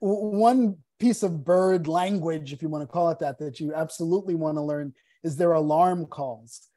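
A woman speaking as a guest on a live panel, telling stories in an animated, playful way. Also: sits low, moderate pace, no room sound.

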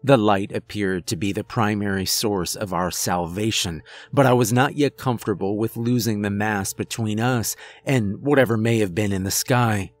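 A man's voice: fairly low pitch, moderate pace, few pauses. Man narrating a horror story. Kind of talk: scripted first-person horror narration. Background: faint music.

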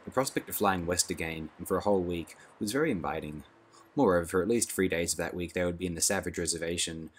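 A male audiobook narrator with a low, husky voice. He reads in a measured, dry way. The recording is close and plain.

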